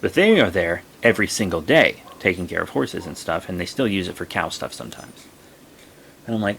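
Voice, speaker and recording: A young man vlogging, telling a rambling story in a casual way and breaking into high, excited exclamations. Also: a little fast, creaky, slight background noise.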